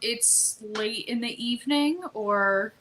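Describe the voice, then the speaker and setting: A woman playing a tabletop game, speaking slowly and laughing between lines. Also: on the high side, fairly bright tone. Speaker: player.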